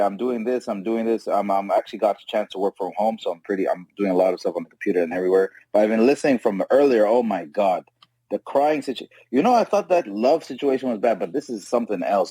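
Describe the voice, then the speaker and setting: Husky, dark-voiced man on earbuds. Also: fairly low pitch, no room sound, poor audio. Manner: emphatic, rambling with restarts. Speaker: caller on a live audio show. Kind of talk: casual opinion monologue. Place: at home. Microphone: wireless earbuds.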